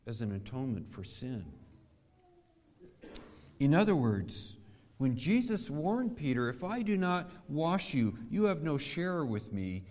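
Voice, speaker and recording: A man preaching a sermon, measured and deliberate, asking the congregation rhetorical questions. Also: mid-range voice, a little mellow, in a large hall. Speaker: pastor.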